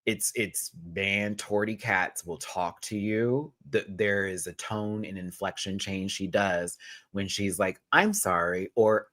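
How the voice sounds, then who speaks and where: A young man talks through a reality show review in a loose, chatty way. His voice is bright and clear, and he often jumps up into high exclamations. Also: slow. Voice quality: expressive, animated, swings into high exclamations. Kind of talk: casual commentary.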